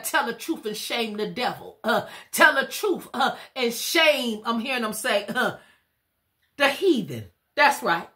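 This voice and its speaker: A woman's voice: fairly high pitch, pushed and bright. A woman giving a live spiritual tarot reading, talking in a rhythmic preaching cadence and turning casual and chatty in between. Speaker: spiritual reader.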